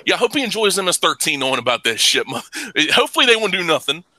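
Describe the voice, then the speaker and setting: A man hosting a casual podcast chat, ranting with heavy profanity and bursting into loud laughs. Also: high-pitched, big pitch swings, quick pace, rough recording. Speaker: podcast host.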